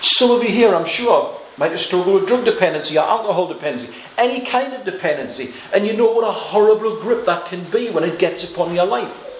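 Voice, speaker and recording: A man preaching a sermon, telling a story with asides and little laughs, and slowing down to stress key words. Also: high-pitched, expressive, roomy sound, slight background noise, low-quality recording.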